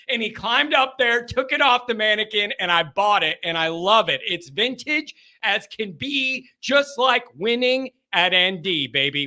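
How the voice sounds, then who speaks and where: Hyped high-voiced male call-in host. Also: expressive, moderate pace, few pauses. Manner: hyped, loud, riffing storyteller. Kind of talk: excited live call-in chat.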